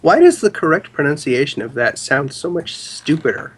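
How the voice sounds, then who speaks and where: Joking man with a higher voice. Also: sing-song, moderate pace, slightly rough. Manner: laughs often, joking. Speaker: podcast panelist. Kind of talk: casual podcast chat.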